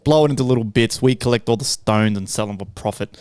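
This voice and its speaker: A man co-hosting a podcast, crude and swearing heavily as he tells animated stories. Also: mid-range voice, quick pace, clear, resonant tone, no room sound. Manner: crude, heavy swearing, animated storytelling with laughs. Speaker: podcast co-host. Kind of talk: casual chat.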